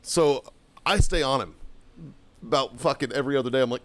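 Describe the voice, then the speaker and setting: A man's voice: medium pitch, expressive, fast talker, no room sound. A man hosting a podcast, telling a story in a casual, profane way and laughing through it. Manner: swears constantly, laughs through his own story.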